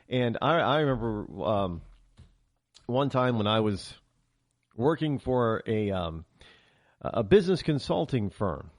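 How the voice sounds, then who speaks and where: A man's voice: medium pitch, no echo, studio quality. A man hosting a talk show, delivering an opinionated, sarcastic monologue with lots of restarts and asides. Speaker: radio talk show host. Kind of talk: conservative talk radio monologue.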